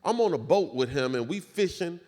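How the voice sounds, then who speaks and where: A man on a panel telling stories animatedly, his voice jumping high and loud, recorded in a large hall before an audience. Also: lively intonation, a little fast. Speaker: panel guest, filmmaker. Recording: reverberant hall with audience noise.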